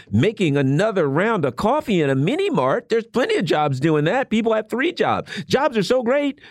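A man's voice: high-pitched, dry recording, clean studio sound. A man co-hosting a political talk radio show, speaking sarcastically with mocking asides.

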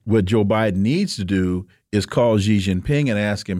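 A man's voice: moderate pace, few pauses, a little mellow, no room sound, clean studio sound. A man co-hosting a political talk radio show, arguing emphatically with rhetorical questions. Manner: emphatic, rhetorical questions, rising pitch when pressing points.

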